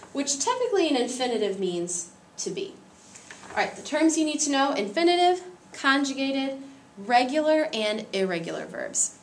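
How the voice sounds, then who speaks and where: A woman's voice: fairly high pitch, a little hiss or hum. Female teacher, patient and methodical, recorded at a distance in a reverberant room. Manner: patient, explains step by step. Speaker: Spanish teacher. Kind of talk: classroom grammar lesson.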